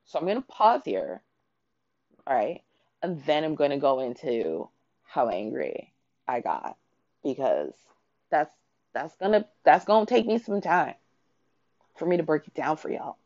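A woman in a casual book chat, excitable and swearing freely, peppering her talk with fillers as she recaps the plot. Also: sits low, measured pace, pauses often, no room sound, highs cut off. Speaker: book reviewer.

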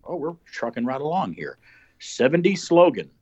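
A male radio host plays quizmaster, reading old slogans slowly and ribbing his guest. His speech swings widely in pitch. The audio is dull and lo-fi. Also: big pitch swings, a little mellow. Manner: playful quizmaster, reads slogans slowly and teases. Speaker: radio talk show host. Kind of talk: casual radio quiz chat.

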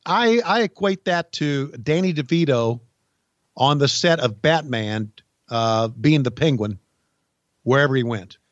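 A man, co-hosting a podcast and telling stories in a folksy, halting way. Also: mid-range voice, lively intonation, no room sound, lo-fi sound. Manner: folksy storyteller, halting restarts. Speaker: podcast co-host, former wrestling insider. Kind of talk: casual chat, storytelling.

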